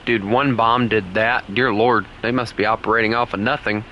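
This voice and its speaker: A man's voice: lowish voice, steady tone, normal speed, hardly any pauses, bright, forceful tone, a little hiss or hum. A man with a Southern US accent giving rambling, casual commentary while playing a game. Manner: rambling, full of "like" and restarts. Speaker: gaming streamer.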